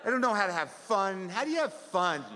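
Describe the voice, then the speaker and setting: A man's voice: sits high, big pitch swings, brisk. A middle-aged man doing a rambling, self-deprecating stand-up set before a live audience. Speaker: stand-up comedian. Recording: live hall recording with reverb and crowd noise.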